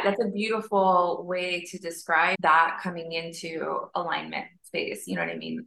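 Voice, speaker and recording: Woman guest, spiritual mentor type; gravelly, low, long flowing emphatic phrases; echoey room. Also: a bit bright. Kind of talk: casual spiritual conversation. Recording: roomy echo.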